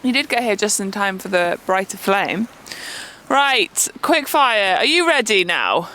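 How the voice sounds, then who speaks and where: A woman on a beach by a fire, holding the microphone and reading out questions in a brisk, playful way. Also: mid-range voice, big pitch swings, sharp tone. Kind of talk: casual chat. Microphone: handheld microphone.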